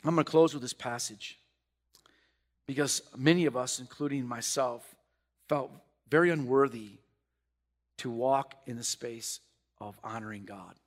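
A middle-aged man, a pastor, preaching a sermon, swinging between quiet reflective stretches and loud animated bursts. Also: medium pitch, a little slow, pauses often.

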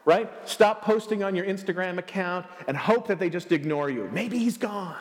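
A man preaching a sermon as pastor, telling a story in an animated, humorous way. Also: sits high. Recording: long reverb of a large hall.

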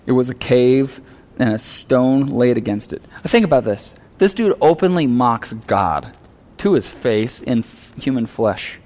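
A male pastor preaching a sermon in a relaxed, conversational way, earnest and often acting out the lines he quotes. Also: mid-range voice, a little slow.

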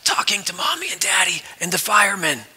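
A hiding child's high whisper. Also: male voice, very animated, brisk, big-room sound, full character voice, poor audio. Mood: hushed whisper. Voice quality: breathy whisper. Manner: hushed, secretive. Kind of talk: whispered role-play.

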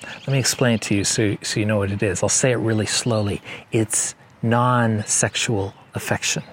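A man preaching a sermon as pastor, conversational and joking, slowing down to stress key points. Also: on the low side, fairly even intonation, a little hiss or hum. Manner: conversational and joking, slows down for emphasis. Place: church service.

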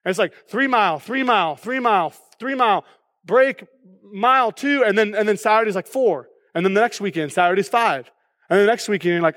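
A man's voice: sits high, fast talker, fairly bright tone, big-room sound. A man preaching a sermon as pastor, casual and joking, often checking in with the congregation with "okay?".

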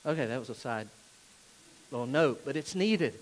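A male pastor preaching a sermon, emphatic and repetitive, swinging from loud stresses to quiet asides. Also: medium pitch, expressive, normal speed, low-quality recording. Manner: emphatic, repeats key phrases, varies loudness widely. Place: church.

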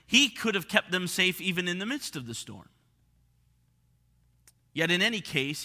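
A man preaching a sermon as pastor, expressive, dropping to hushed tones for emphasis. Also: high voice, normal speed, pauses often, long reverb tail.

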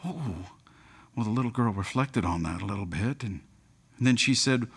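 A man's voice: lowish voice, expressive, normal speed, breathy edge. A man preaching a sermon, telling humorous anecdotes and chuckling at his own stories. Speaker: pastor.

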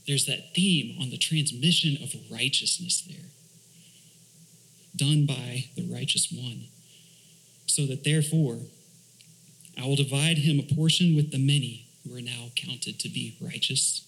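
A man's voice: medium pitch, fairly bright tone, poor audio. A man, a church elder, preaching a sermon, asking rhetorical questions, reading scripture aloud and explaining Hebrew words.

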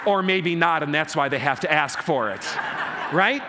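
A man preaching a sermon as pastor, animated, rousing his congregation in call-and-response. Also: on the high side, moderate pace, crowd noise, noisy background.

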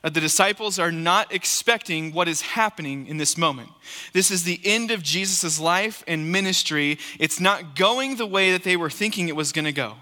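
A man's voice: high-pitched, normal speed, bright, forceful tone, long reverb tail. A man preaching a sermon as pastor in a church, earnest and emphatic, repeating key phrases for weight. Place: church sanctuary.

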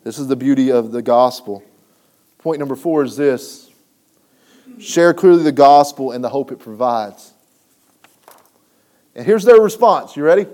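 A man's voice: mid-range voice, animated, unhurried, long pauses, a little mellow. A man preaching a sermon, building emphasis and checking in with the congregation. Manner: preaching with rising emphasis and frequent "right?" asides. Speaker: pastor.

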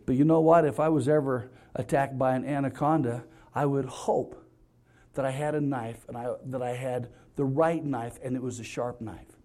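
A man's voice: mid-range voice, mellow. A man preaching a sermon as a pastor in a church, earnest and emphatic, repeating key phrases to drive them home. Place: church sanctuary.

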